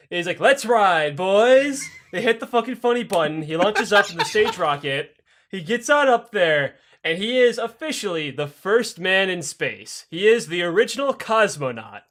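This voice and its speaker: A man's voice: high-pitched, lively intonation, normal speed, fairly bright tone. A man co-hosting a comedy history podcast, telling the story in a rambling, profane way full of laughter. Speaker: podcast co-host.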